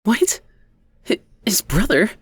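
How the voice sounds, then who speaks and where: A man's voice: sits high, huge pitch swings, takes it slowly, breathy edge, dry recording, studio quality, pitched above the performer's own voice, full character voice. Man voicing a desperate pleading woman. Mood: frantic. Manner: frantic, tearful pleading. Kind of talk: audiobook character voice.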